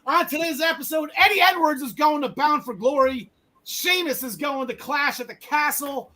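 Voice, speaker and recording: Male podcast host, high-pitched, rambling, quick to joke and self-correct. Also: pushed and bright, rough recording. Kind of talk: casual wrestling podcast chat.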